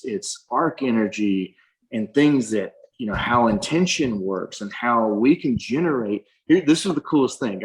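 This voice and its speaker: A man's voice: mid-range voice, rough recording. A man on a video call, earnestly recounting a spiritual experience in a casual way, often restarting his sentences. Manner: earnest storyteller with frequent restarts.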